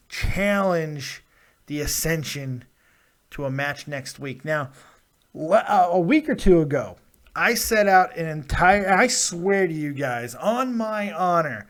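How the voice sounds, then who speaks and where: Excitable male wrestling-show host. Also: on the high side. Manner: excitable, rambling, laughs often. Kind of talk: live-stream wrestling review, casual chat.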